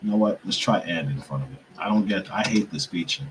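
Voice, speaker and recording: A young man with a low voice and quick pace hosts a podcast show, talking casually to viewers as his computer gives him trouble. He mutters and swears to himself in frustration. The audio is poor, with slight background noise.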